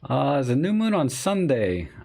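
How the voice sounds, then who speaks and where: A man's voice: mid-range voice, very animated, moderate pace, gravelly, a little mellow. A middle-aged man hosting a casual live photography chat, rambling and telling stories with many fillers. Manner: rambling, chatty storytelling with fillers. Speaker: live stream host.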